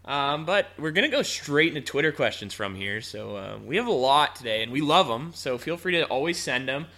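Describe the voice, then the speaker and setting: A man's voice: mid-range voice, expressive, brisk, pushed and bright. A Canadian man co-hosting a casual sports podcast, joking and teasing. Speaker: podcast co-host. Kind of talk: casual chat.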